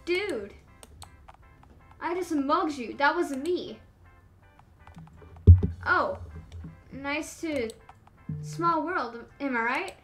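Woman streamer, high bright voice, playful game read-through, faint game music. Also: animated, extremely slow, long pauses. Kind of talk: reading game dialogue aloud.

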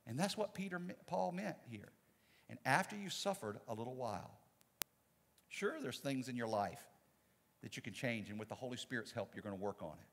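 A man, a pastor, preaching a sermon with dynamic swings from loud to soft. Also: medium pitch, big-room sound. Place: church sanctuary.

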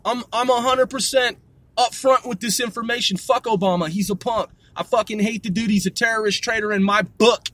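A man's voice: high-pitched, pushed and bright, no echo. A man delivering a heated, profanity-laden monologue, repeating himself as he builds up steam. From United States. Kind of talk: ranting monologue.

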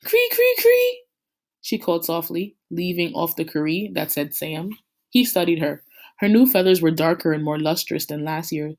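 A woman teacher reading a novel chapter aloud to her class, in a steady, unhurried storytelling manner. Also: sits low.

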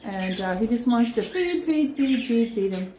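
A woman vlogging at home with her pets, chattering in sing-song baby talk and cheering them on with excited calls. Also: a little high, normal speed, noisy background. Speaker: pet vlogger. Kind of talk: casual home vlog. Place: home with pets, partly outdoors in snow.

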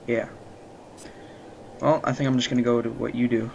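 Excitable young-sounding man gaming. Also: mid-range voice, moderate pace, gravelly, highs cut off, slight background noise. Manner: excitable, jokey, bursts into loud shouts and silly voices. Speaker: gaming channel host. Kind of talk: casual gameplay chat.

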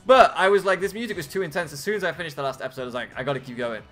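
Chatty let's-play host. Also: male voice, high voice, expressive, very fast, a bit bright. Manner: chatty, self-mocking. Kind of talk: casual gameplay commentary. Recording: game music behind.

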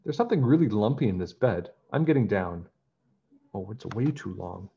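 A man voicing a tired, put-upon young palace maid who is high and flustered, for a storybook reading. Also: expressive, normal speed, creaky, dull audio, a little hiss or hum. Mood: sleepy grumbling.

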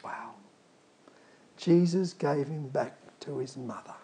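A man's voice: high-pitched, a little slow, warm tone, husky. A man preaching a sermon, emphatic and calling out to the congregation.

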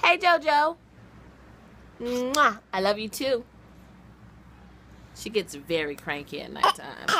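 A high-pitched, bright-toned woman filming a casual home vlog on a handheld camera. She talks slowly and playfully, with a spirited, theatrical flair, and coos tenderly to her babies. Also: big pitch swings, slight background noise. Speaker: vlogger, mother of babies. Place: at home and out in the snow.

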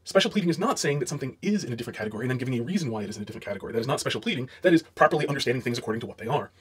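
A man laying out a measured, lecturing argument in a clip from a video. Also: medium pitch, lively intonation. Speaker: apologist in a clipped video. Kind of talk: explanatory argument.

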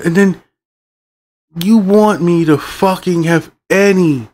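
A man's voice: sits high, slow pace, darkish tone. A middle-aged man hosting a movie review channel, ranting in a heated, rambling way and swearing often.

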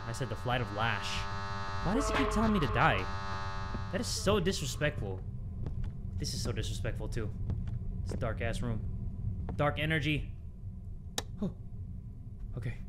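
A man's voice: mid-range voice, very noisy. A young man commentating a horror game from home, jumpy and swearing often, talking to his viewers. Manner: jumpy, swears a lot, shrieks when startled; talks to viewers while playing. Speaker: gaming YouTuber.

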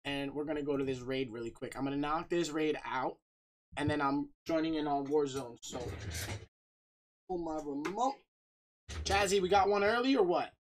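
Upbeat man streamer shouting out viewers. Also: on the high side, normal speed. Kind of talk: casual livestream chat.

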